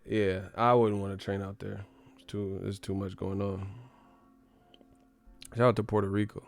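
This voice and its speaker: A man's voice: fairly low pitch, little pitch movement, moderate pace, gravelly, faint music behind. Profane, joking live-stream boxing host, man. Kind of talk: casual live-stream rant.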